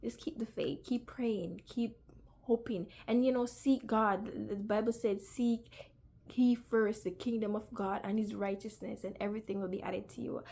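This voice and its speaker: A woman's voice: mid-range voice, steady tone, moderate pace, vocal fry, warm tone. A young woman sharing her personal faith testimony in a casual video, earnest and talkative, with lots of fillers and a voice close to tears. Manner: earnest, talkative, uses many fillers, grows emotional. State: near tears.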